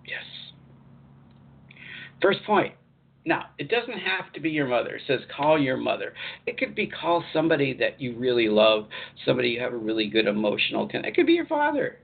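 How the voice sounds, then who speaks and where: A man working as a spiritual life coach, hosting a live online talk show in a chatty, repetitive way with lively emphasis. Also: medium pitch, a little fast, creaky, husky, narrow, tinny audio.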